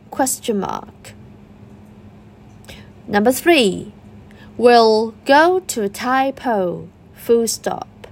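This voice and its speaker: A woman reading a school dictation exercise aloud, slowly and deliberately, saying each punctuation mark out loud. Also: fairly high pitch, creaky. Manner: reads punctuation aloud, words spaced and deliberate. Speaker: dictation reader.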